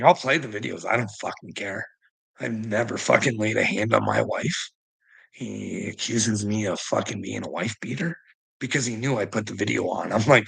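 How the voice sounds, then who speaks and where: A man's voice: lowish voice, creaky, bright, forceful tone, slightly rough. A middle-aged man, ranting agitatedly in a personal vlog, swearing constantly with bitter laughs. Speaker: vlogger.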